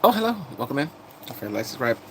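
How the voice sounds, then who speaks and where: A man chatting casually on a live stream, recapping TV episodes and greeting viewers, laughing and animated. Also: medium pitch, very fast, a little hiss or hum.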